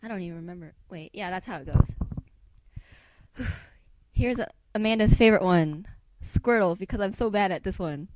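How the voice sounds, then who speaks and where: A woman's voice: mid-range voice, moderate pace, long pauses, a little mellow, no room sound, low-quality recording. A woman chatting casually in a solo vlog, hesitant and self-mocking, with many fillers. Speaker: vlogger. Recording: hissy home recording.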